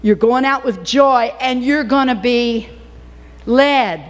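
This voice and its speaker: Older female preacher, higher voice, fervent and animated, echoing church hall. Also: slow. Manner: emotional, animated preaching with sudden whoops. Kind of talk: sermon.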